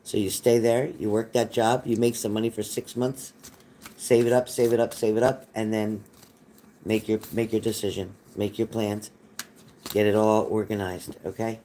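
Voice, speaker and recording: A man's voice: lowish voice, warm tone, a little hiss or hum. A man hosting a live-stream psychic reading, reassuring and folksy, repeating phrases and calling viewers honey. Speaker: psychic reader.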